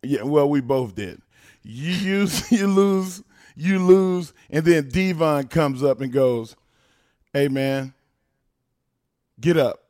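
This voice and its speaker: A man with a slightly high voice talks fast and preachy, working himself up into loud bursts. The sound is close and dry, with no room around it. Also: no room sound. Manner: fired-up, preachy, bursts into loud animated rants. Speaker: podcast co-host. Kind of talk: casual chat.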